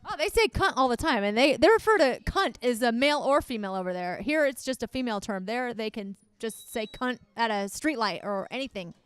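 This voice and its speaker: A woman's voice: fairly high pitch, expressive, brisk, few pauses, smooth, no echo. An American woman co-hosting, sharing chatty, amused anecdotes in casual conversation, recorded close and dry. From United States. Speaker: podcast co-host. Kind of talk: casual chat.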